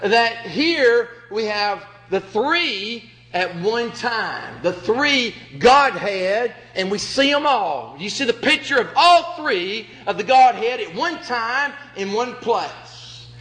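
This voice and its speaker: A man preaching a sermon with a strikingly high, bright voice. He takes his time, drawing out his words, and leans hard on his points. He acts out the lines of scripture he quotes. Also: lively intonation, takes it slowly, hardly any pauses, poor audio.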